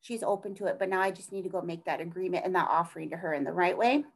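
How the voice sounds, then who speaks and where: A woman's voice: lowish voice, racing, rough recording. A middle-aged woman speaking as an interview guest in an earnest, rambling way, often trailing off and restarting her thoughts. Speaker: interview guest, task force advocate. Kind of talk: conversational interview.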